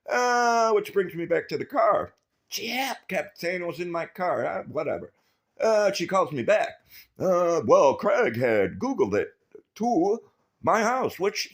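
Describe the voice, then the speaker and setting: A man's voice: fairly high pitch, vocal fry. A man telling a long, rambling story to his viewers, swearing constantly and mocking the people he quotes. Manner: profane, rambling, animated storytelling; quotes others in mocking voices. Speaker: vlogger. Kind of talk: rambling profane monologue.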